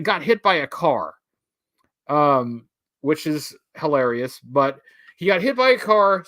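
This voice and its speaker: A man with a notably high voice hosts a live stream, talking to his viewers in loose, casual chat. He rambles and wanders off topic with a wry, chatty manner. The sound is dry and close, with no room around him. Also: fairly bright tone, dry recording.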